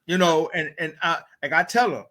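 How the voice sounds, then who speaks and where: High, bright-voiced animated male storyteller. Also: moderate pace. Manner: animated storyteller, acts out voices of kids and parents; blunt and boisterous, laughs often. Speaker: teacher and basketball coach, guest. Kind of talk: casual podcast conversation.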